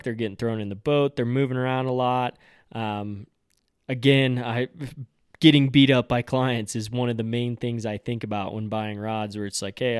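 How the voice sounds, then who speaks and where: A fishing guide hosting his podcast, telling a casual story and acting out his own excited and let-down reactions. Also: medium pitch, clean tone, no echo, studio quality. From Colorado.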